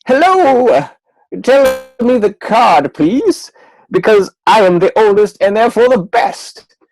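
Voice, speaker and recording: A man's voice: sits high, very animated, slow, a little mellow, dry recording, voice pushed up, heavily acted, low-quality recording. A man voicing a pompous old queen from a deck of cards, with a demanding, mock whiny manner. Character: haughty old queen of a card deck, woman.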